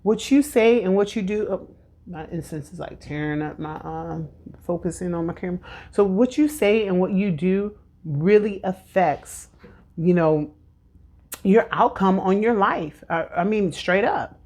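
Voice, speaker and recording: Chatty, encouraging woman tarot reader, lowish voice. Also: a little slow, a little mellow. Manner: chatty and encouraging, many fillers. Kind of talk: casual spiritual tarot vlog. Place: at home with incense burning.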